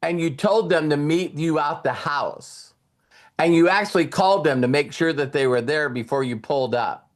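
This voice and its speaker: Brief: man, slightly high voice, motivational speaker, loose spoken delivery with restarts. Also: normal speed. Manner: casual, repeats words, retells conversations. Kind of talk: motivational talk with storytelling.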